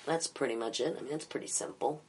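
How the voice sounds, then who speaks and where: A woman's voice: very deep voice, quick pace, darkish tone, slightly rough. A middle-aged woman, an improv teacher, talking bluntly and profanely in a candid interview.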